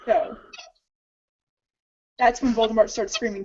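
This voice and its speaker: A woman co-hosting a casual book-club podcast, thinking out loud animatedly with lots of restarts. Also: high-pitched, normal speed, muffled recording, a little hiss or hum. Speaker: podcast co-host.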